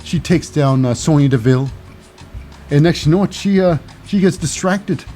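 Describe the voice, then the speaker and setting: A man's voice: fairly high pitch, mellow, faint music behind. Rambling, hesitant man hosting a recap. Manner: rambling, halting, full of uh and what's that; cynical, wry. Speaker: host. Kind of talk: casual wrestling recap commentary.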